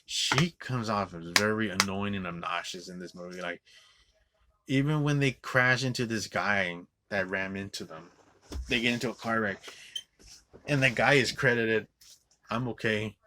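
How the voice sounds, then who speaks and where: Man, low-ish voice with a sharp edge, profane rambling reviewer. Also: normal speed, a little hiss or hum. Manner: rambling with constant "like" fillers and restarts; swears often, scornful. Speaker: movie reviewer. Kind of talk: profane ranting movie review.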